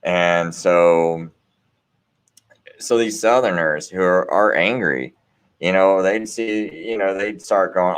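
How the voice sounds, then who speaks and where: A man's voice: low-pitched, slow, clear, resonant tone. A man hosting a late-night show, talking in a casual, rambling monologue full of restarts and "you know"s, with an earnest, preachy bent.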